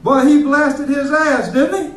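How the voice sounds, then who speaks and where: A man's voice: very high voice, fairly even intonation, unhurried, echoey room, far from the mic, poor audio. A male stand-up comedian, telling jokes loosely on a club stage. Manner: loose, joking storytelling.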